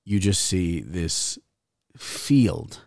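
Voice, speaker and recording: A man's voice: sits low, big pitch swings, very slow, vocal fry, a little mellow, no room sound, studio quality. Profane young man telling a wild story. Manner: profane, rambling, laughs as he talks. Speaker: guest rapper. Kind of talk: casual storytelling.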